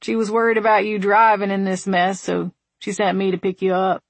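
A woman voicing a wry, patient man with a dry, steady, gently teasing manner. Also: mid-range voice, fairly quick, gravelly, dry recording.

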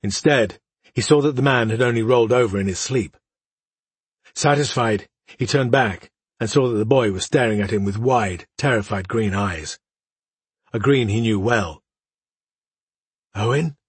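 A man narrating a fantasy story as an audiobook, measured and dramatic, often dropping to a hush. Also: lowish voice, breathy edge, no echo.

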